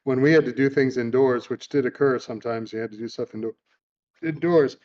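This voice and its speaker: A man's voice: mid-range voice, steady tone, brisk, darkish tone, muffled recording. A man hosting a podcast, telling amused stories in a casual chat and retelling a film. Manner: chatty, amused storyteller. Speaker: podcast host.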